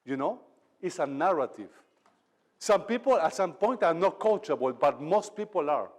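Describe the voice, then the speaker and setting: A man with a fairly high, animated voice gives a motivational talk on leadership in a reverberant event hall. He speaks at a normal speed, emphatically, acting out the lines he quotes.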